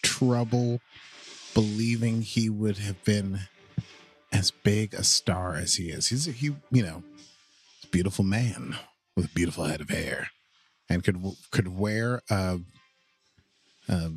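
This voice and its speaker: A man's voice: fairly low pitch, slow, long pauses, soft background music. A man co-hosting a casual watch-along podcast, playful and jokey, tossing in quoted lines and goofy voices. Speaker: podcast co-host.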